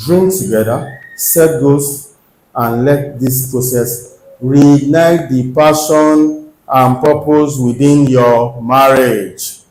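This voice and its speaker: A man's voice: mid-range voice, slow pace, a little mellow. A man with a Nigerian accent preaching a sermon in church, earnest and exhorting, often pressing the congregation with rhetorical questions. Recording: echoey church hall.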